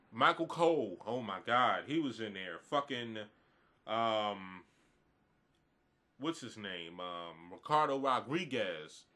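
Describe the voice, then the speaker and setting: Groggy guy ranting his review, bright punchy voice, swears a lot, keeps restarting. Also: mid-range voice. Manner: blunt, profane, rambling with frequent restarts. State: groggy this morning. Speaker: wrestling reviewer. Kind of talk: casual video review rant.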